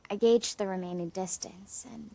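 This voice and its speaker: A woman voicing a weary stranded explorer in a game, talking slowly and softly. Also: medium pitch, fairly even intonation, creaky, a little hiss or hum, close to an everyday voice. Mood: resigned.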